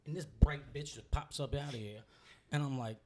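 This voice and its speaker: A young man, a guest comedian telling a loose, profane story while high. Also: moderate pace. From Louisiana. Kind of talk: casual storytelling.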